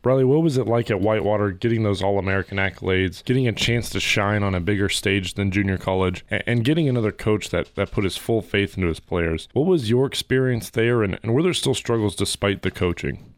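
A man's voice: fairly low pitch, brisk, no echo. A man interviewing a guest and asking long, attentive questions.

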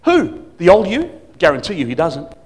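A man preaching as a guest speaker at a church service, emphatic, swinging between loud declarations and quiet asides. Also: a little high, lively intonation, moderate pace. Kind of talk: sermon.

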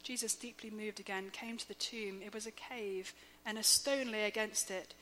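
A woman in her thirties preaching a sermon, slow, measured and emphatic, with soft quiet dips. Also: mid-range voice, steady tone. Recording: long hall reverb, faint hum.

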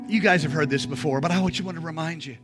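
A man preaching a sermon in a church, leading the congregation in call-and-response and rising to loud, emphatic peaks. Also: on the high side, very fast. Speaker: pastor. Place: church sanctuary. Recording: music playing behind.

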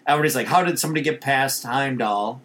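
A man's voice: medium pitch, quick pace, fairly bright tone. Man, podcast host. Rambling, loose movie recap delivery. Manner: rambling, with many restarts and fillers. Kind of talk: casual chat.

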